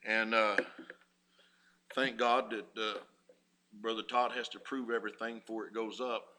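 A man's voice: lowish voice, little pitch movement, measured pace, sharp tone. A man preaching a sermon as pastor, folksy and rising in fervor.

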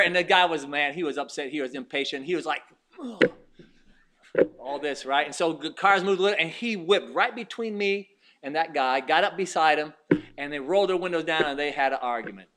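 A male pastor preaches to his church, his voice bright and fairly high, rising into sharp, loud peaks when a point lands. He moves between hushed, confiding asides and exclaiming bursts as he tells a story. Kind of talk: sermon.

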